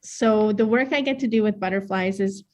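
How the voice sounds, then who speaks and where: A woman with a northern Saskatchewan accent tells her own story at a mid-range pitch. She talks in a candid, plain-spoken way and laughs easily. She is a dancer and choreographer sharing her personal story. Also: normal speed, darkish tone. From northern Saskatchewan, Canada.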